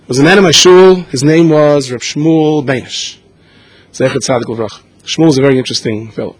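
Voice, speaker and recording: A man giving a storytelling sermon, animated and acting out the voices in his tales. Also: on the high side, slightly rough. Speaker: speaker.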